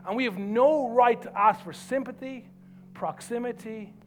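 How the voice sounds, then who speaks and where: A man preaching a sermon as pastor, emphatic and earnest, dropping to soft low lines for effect. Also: a little slow, a little hiss or hum.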